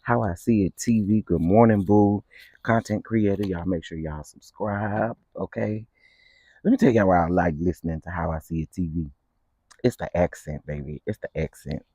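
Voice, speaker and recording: A man chatting on a casual morning livestream, greeting his viewers one by one in a playful, sing-song way. His voice sits low and warm. The sound is dry and close. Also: steady tone, moderate pace, slightly rough, no echo. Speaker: livestream host. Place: outdoors in the morning.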